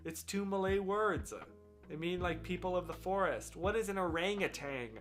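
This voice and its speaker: A man's voice: high-pitched, moderate pace, a bit bright, faint music behind, voice pushed up. A man mimicking a pedantic woman correcting him. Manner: corrective, exasperated.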